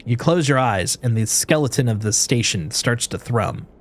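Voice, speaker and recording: A streamer reads a narrative game aloud in an even, mid-pitched man's voice. He narrates with expression and drops into playful asides between passages. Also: normal speed.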